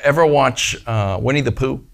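A man's voice: mid-range voice, normal speed, vocal fry. A man preaching a casual, playful sermon to a small church gathering, often acting out the voices he quotes. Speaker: pastor.

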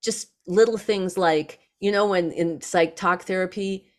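A woman guest on a podcast interview, telling stories in an animated way and acting out other people's lines. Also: lowish voice, measured pace. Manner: animated, acts out others in lively quotes.

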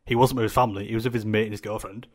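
A man's voice: lowish voice, steady tone, very fast, darkish tone. A young man, co-hosting a podcast in casual, sweary, rambling chat. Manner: sweary, rambling, laughs often. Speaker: podcast co-host.

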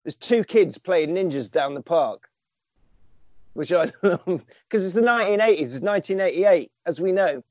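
Guy telling a movie plot all animated, kinda high voice, flat dry lo-fi sound. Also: moderate pace, dry recording. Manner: animated storytelling, swearing. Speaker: podcast host. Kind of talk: casual film recap.

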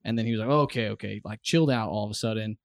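On a podcast, a young American guy rattles off a casual story at rapid-fire speed, swearing, rambling and leaning on fillers. His voice sits on the low side with a creaky texture, captured close on a studio mic with no room sound.

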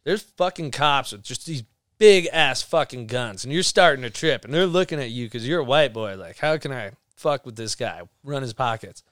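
A man's voice: mid-range voice, animated, moderate pace, fairly bright tone, no room sound, clean studio sound. A young man, a podcast guest, telling rambling stories in casual chat, swearing a lot and laughing as he goes. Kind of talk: casual storytelling.

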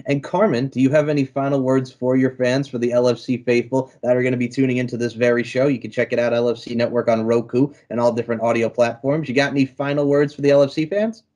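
A man's voice: medium pitch, steady tone, fast talker, hardly any pauses, darkish tone. A man hosting an interview show, talking in an upbeat, promotional way. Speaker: show host.

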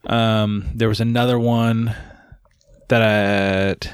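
A man with a fairly low voice chatting in an easygoing, unhurried way, retelling his experiences and quoting his own thoughts along the way. The recording is close and dry. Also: smooth, no room sound. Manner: relaxed storyteller, quotes his own thoughts. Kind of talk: casual chat.

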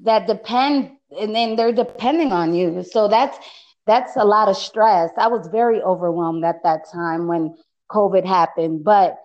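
A woman hosting a podcast, talking in a relaxed, chatty way. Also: medium pitch, a little slow, highs cut off. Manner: relaxed, chatty, frequent affirmations. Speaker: podcast host. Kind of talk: casual podcast conversation.

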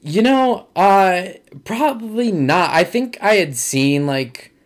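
A man's voice: sits high, lively intonation, slow. Loose, rambling young comedian man. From Michigan. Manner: loose, rambling, says "like" often. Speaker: guest comedian. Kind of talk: casual podcast chat.

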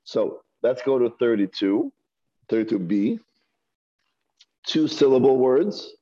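A man teaching Hebrew reading, sounding out words slowly and patiently and repeating them. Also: mid-range voice, lively intonation, dark tone, dry recording. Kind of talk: slow, patient reading lesson. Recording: dull lo-fi dry recording.

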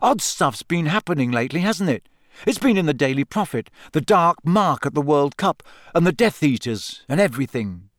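A man's voice: fairly high pitch, big pitch swings, normal speed, no echo, studio quality. A man voicing an earnest, nervous teenage boy wizard who hesitates a lot. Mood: eager. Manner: hesitant, with fillers.

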